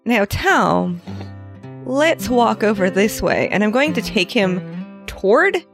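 A woman playing at a tabletop game, speaking casually with a drawl when in character. Soft music plays behind her voice. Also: mid-range voice, very animated, slow pace. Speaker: player. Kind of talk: tabletop role-play.

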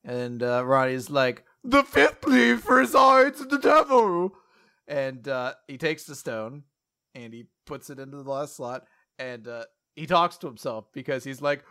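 A man co-hosting a casual chat, animated, laughing often and acting out the quotes. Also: medium pitch, normal speed, smooth. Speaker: podcast co-host.

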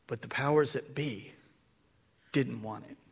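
A man preaching a sermon, dropping to a hush and then rising to shouts. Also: mid-range voice, measured pace, slightly rough. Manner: swings from hushed to shouting. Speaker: pastor.

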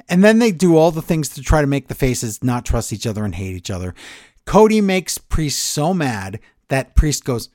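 A man co-hosting a wrestling podcast, recapping the week's shows with sarcasm and animated retellings. His pitch swings widely, rising and dropping through each line. The sound is close and dry. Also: moderate pace, no echo. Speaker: podcast co-host. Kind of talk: casual wrestling recap chat.

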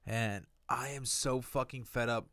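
Guy venting bout his insurance mess, cussing, mid pitch, dry room. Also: steady tone, measured pace, a bit bright, no echo. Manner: profane, exasperated storytelling, mimics voices of people he quotes. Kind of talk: casual chat, ranting story.

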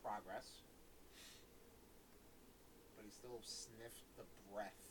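A man's voice: on the low side, fairly even intonation, heavy background noise. A man trading irreverent jokes while watching a movie with friends. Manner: joking, irreverent, quick asides. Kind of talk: casual movie-watching commentary.

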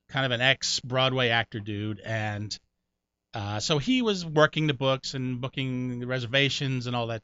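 Guesting on a storytelling interview, a middle-aged Connecticut comedian speaks in a bright, forceful voice, animatedly spinning tales and jumping high to do other people's voices. His audio is dry and slightly muffled, without any echo or sense of room.

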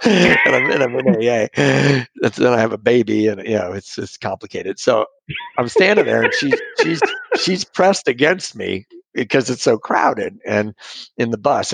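A middle-aged man tells a long personal story in a conversation, wandering off course and poking fun at himself. His voice is low, gravelly and husky. The sound is dry and close, with no room echo. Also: a bit bright. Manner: rambling and self-deprecating, with frequent restarts and chuckles.

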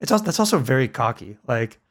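A man co-hosting a podcast, reacting to the story with animated, joking remarks. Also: medium pitch, fast. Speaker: podcast co-host. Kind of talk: casual chat.

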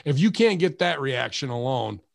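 A man on a casual podcast, his voice gravelly with a touch of fry. He rants with lots of energy and swears freely, with a dry, close sound. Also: mid-range voice, normal speed, dry recording. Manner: profane, animated ranting with acted-out quotes. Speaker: podcast host and former wrestler. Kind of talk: casual chat.

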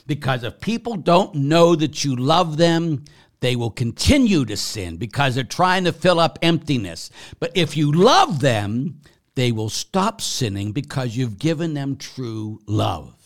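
A man, a priest, answering viewer questions, who moves from quiet conversational reading to loud, emphatic preaching with repeated phrases. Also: mid-range voice, sing-song, moderate pace. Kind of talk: live Q&A, reading and answering messages.

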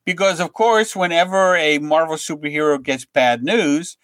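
A middle-aged man, a comic book writer guest, telling anecdotes in a lively way and acting out the lines of the people in them. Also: a little high, moderate pace, no echo. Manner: lively storyteller who acts out other people's lines.

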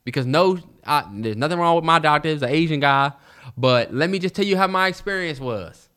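A man co-hosting a podcast, chatting casually, telling animated stories and swearing freely. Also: fairly high pitch, a little fast, smooth. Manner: animated storytelling, swears freely, mimics others. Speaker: podcast co-host. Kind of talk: casual chat.

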